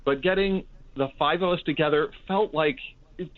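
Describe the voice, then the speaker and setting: A man's voice: a little high, moderate pace. An enthusiastic man co-hosting a casual podcast, with geeky, joking banter. His voice comes through thin and phone-like. The sound is very dry, with no room echo at all. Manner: enthusiastic, jokey geek banter. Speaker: podcast co-host. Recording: tinny phone-like line, dry.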